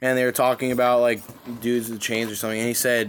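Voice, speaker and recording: A young adult man hosting a podcast in casual chat, talking in an excitable, profane, animated storytelling way. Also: medium pitch, fast talker, slight background noise. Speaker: podcast host.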